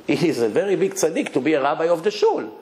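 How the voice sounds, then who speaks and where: Emphatic rabbi giving an animated Torah lecture. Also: male voice, a little high, fast talker, echoey room. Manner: animated, emphatic, with quoted dialogue.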